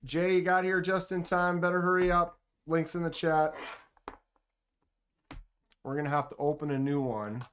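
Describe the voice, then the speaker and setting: A man's voice: fairly high pitch, fairly even intonation, normal speed, pauses often, a bit bright, clean tone. A man hosting a live stream, casually reading viewer comments aloud and muttering to himself as he clicks through his screen. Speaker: live stream host running a giveaway.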